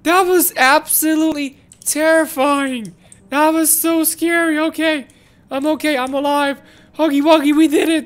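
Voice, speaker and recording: A woman host giving excitable let's-play commentary on a game, talking to her viewers and repeating words when things get tense. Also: high-pitched, measured pace, faint music behind. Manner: excitable, talks to viewers as "guys", shrieks and repeats words under pressure. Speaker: gaming channel host.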